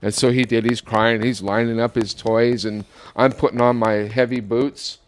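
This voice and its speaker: A man's voice: medium pitch, fairly even intonation, moderate pace. Older man telling a rambling family story. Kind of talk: casual podcast chat.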